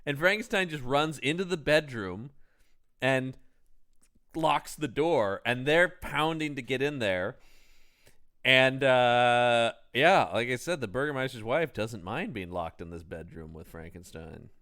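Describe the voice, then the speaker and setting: Lively-pitched man recapping a movie. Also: measured pace. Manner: recounts plot scenes, acting out quotes. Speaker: podcast co-host. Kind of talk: casual movie-recap chat.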